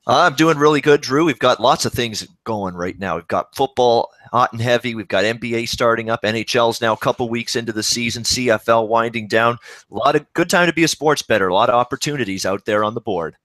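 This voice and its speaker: A man's voice: mid-range voice, fairly quick, a bit bright, dry recording. A man talking sports betting on a roundtable in an upbeat, enthusiastic way. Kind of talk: casual roundtable talk.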